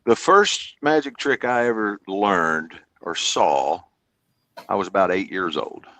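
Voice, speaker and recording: A man's voice: sits low, animated, takes it slowly, fairly bright tone, no room sound. A man in his fifties from Kentucky, telling stories casually as a podcast guest, chatty and rambling. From Kentucky, USA. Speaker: podcast guest, comedian and hypnotist. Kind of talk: casual storytelling interview.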